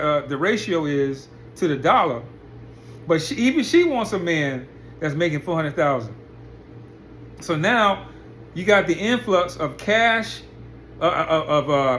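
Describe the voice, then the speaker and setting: A man's voice: on the high side, fairly bright tone, slight background noise. Blunt, profane man ranting to camera. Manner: blunt, profane, repeats rhetorical questions. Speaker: commentary channel host. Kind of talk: reaction commentary monologue.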